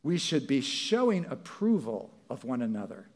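A man's voice: medium pitch, big pitch swings, moderate pace, a little mellow. A male pastor preaching a sermon in a church, talking conversationally and acting out what people might say. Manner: conversational, acts out quoted voices.

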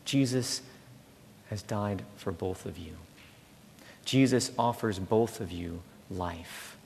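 A man preaching a sermon as pastor, rising loud on key words and falling to a slow, soft hush. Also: lowish voice, creaky. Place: church. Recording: long hall reverb, faint room noise.

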